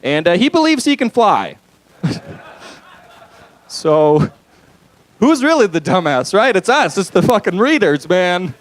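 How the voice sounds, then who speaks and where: A man's voice: high-pitched, sing-song, measured pace, long pauses, rough recording. A young man performing a stand-up comedy set on a club stage, talking loosely with lots of fillers and crude asides.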